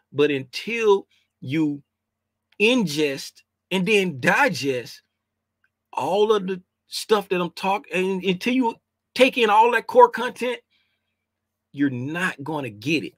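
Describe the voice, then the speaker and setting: Man with a high voice, informal slangy trading lesson, repeats points, keeps asking right, dry close recording. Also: fairly bright tone, no room sound. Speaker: trading educator. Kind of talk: casual trading lesson over charts.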